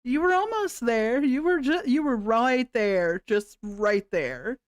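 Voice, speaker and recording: A woman's voice: a little high, animated, slow pace, dry recording, clean studio sound. A woman hosting a livestream, giving sarcastic reaction commentary with frequent laughs and swearing.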